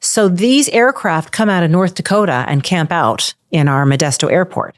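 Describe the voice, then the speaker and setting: Low-voiced woman telling a story. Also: normal speed, dry recording. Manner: animated storytelling with many restarts. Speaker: guest. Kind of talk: casual conversation.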